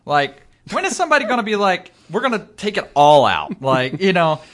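Lively-voiced man with wry jokes. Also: high voice, fairly quick. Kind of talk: casual movie chat.

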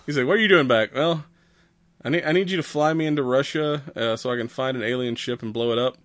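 Man, casual podcast recap, rambling and profane, mid-pitched voice, dry close sound. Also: fast, a bit bright, dry recording. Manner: rambling, profane, acts out quoted characters with laughs. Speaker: podcast host. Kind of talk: casual movie recap chat.

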